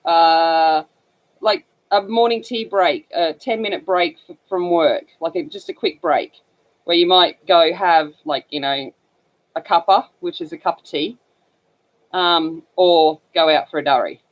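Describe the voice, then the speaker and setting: A woman's voice: lowish voice, unhurried. Scratchy-voiced Australian woman chatting. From northern Australia. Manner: rambling storyteller with many fillers. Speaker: livestream coloring host. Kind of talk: casual chat while coloring.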